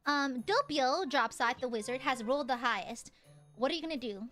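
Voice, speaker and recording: A woman's voice: high voice, animated, brisk, fairly bright tone, soft background music. A young woman narrating a tabletop game as game master, playful and giggly. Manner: playful, giggly, acts out crowd voices.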